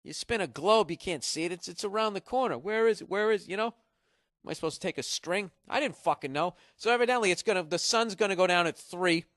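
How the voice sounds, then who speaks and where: A man's voice: high-pitched, fairly quick, fairly bright tone, dry recording, studio quality. A man from Massachusetts, hosting a podcast in a rambling, profane comedic monologue. He is jet-lagged. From Massachusetts, USA. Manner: profane, sarcastic, riffing. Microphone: podcast studio mic.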